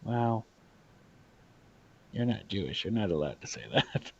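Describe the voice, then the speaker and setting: A man from the Southern US with a Southern accent, chatting excitably and swearing while playing a game. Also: fairly low pitch, unhurried, creaky, husky. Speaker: let's play host. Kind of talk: casual gaming chat. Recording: dull lo-fi recording.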